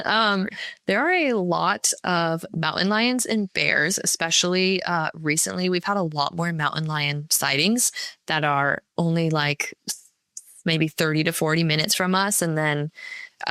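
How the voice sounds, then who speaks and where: A woman's voice: low-pitched, fairly even intonation, measured pace, bright, forceful tone, dry recording. A woman from the Pacific Northwest, a podcast guest talking in an easygoing, hesitant way. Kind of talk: casual interview chat.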